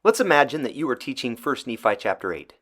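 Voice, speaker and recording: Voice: medium pitch, very animated, quick pace, a bit bright. A seminary teacher trainer giving scripted, encouraging advice to teachers. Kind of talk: scripted instructional narration.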